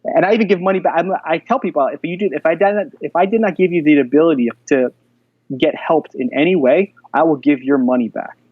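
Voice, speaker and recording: Animated storytelling man, dry sound. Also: on the high side, fast, breathy edge, dry recording, phone-quality sound. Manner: animated storyteller, many fillers. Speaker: guest, jiu-jitsu black belt instructor. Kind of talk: casual podcast interview.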